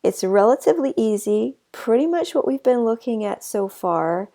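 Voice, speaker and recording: A woman teacher explaining French grammar in a relaxed recorded lesson, with fillers, asides and a slight cough. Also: fairly high pitch, moderate pace, few pauses. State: a bit of a cough.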